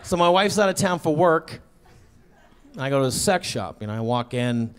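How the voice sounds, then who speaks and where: A man with a high voice performs stand-up on a stage, speaking into a handheld mic. He tells his story in a sheepish, conversational way, breaking into exasperated outbursts. A faint murmur of the room sits behind him. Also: expressive, moderate pace, slight background noise. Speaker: stand-up comedian. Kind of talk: stand-up comedy set. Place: comedy stage before a live audience.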